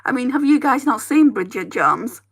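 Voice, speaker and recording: A woman's voice: on the high side, lively intonation, normal speed, breathy edge. A woman with a northern English accent, a beauty vlogger chatting casually to viewers while she does her makeup. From northern England. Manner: chatty, rambling, talks to viewers.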